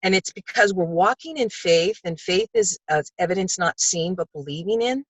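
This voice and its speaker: An older woman talking on a video call, sharing a personal story in a heartfelt, animated way. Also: on the low side, normal speed, no echo, rough recording. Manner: heartfelt, animated storytelling, acts out quoted voices. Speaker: book club participant.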